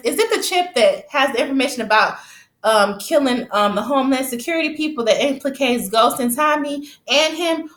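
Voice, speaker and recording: In an echoey room, a woman with a high voice recaps a TV episode, chatting casually in slang straight to her viewers. She tells it animatedly, acting out scenes with sound effects and laughing along the way.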